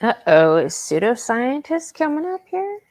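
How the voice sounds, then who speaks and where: A woman hosting a casual voice chat, talking in a relaxed, halting way and sounding tired. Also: a little high, no room sound. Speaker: host.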